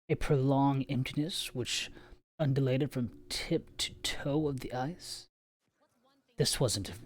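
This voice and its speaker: A man's voice: mid-range voice, darkish tone. A man reading a novel aloud on a live stream, stumbling over words now and then and stopping for offhand asides.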